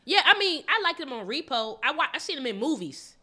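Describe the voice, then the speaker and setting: A woman co-hosting a podcast in casual chat, blunt and animated, swearing freely. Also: high voice, fairly quick. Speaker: podcast co-host.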